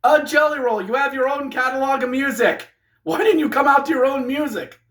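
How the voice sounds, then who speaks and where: A man giving a casual, jokey wrestling review, getting excitable and acting out what the wrestlers say. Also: very high-pitched, fairly quick.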